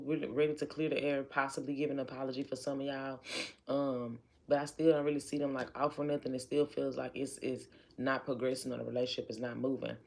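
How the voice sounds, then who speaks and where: A woman's voice: very deep voice, a little mellow. A woman giving a casual tarot reading, talking chattily and repeating lines for emphasis. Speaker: tarot reader.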